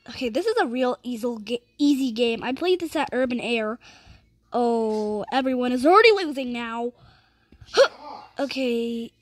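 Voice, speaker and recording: A woman commentating casually on her own gameplay, excitable, reading game text aloud between squeals and laughs. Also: sits high, a little slow. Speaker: gamer commentating her play.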